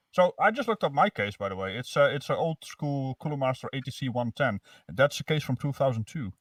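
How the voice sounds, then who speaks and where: A man's voice: mid-range voice, expressive, brisk, few pauses, no echo. Laid-back man, dry distant sound. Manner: laid-back, laughs easily, dry jokes. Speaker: guest on a stream. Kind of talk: casual chat.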